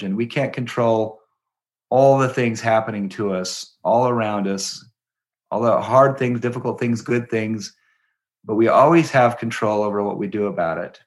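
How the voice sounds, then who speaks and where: A middle-aged man talking as a guest in a conversational interview, an animated storyteller who acts out the voices he quotes and laughs as he talks. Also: mid-range voice. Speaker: guest, education company president.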